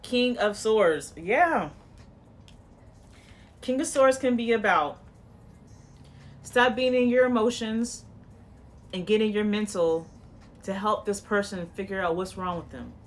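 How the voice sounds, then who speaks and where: Woman tarot reader, casual monologue, blunt and profane, coaching tone, rambles and restarts, mid-pitched voice. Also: slow, long pauses. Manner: rambling with frequent restarts and "you know".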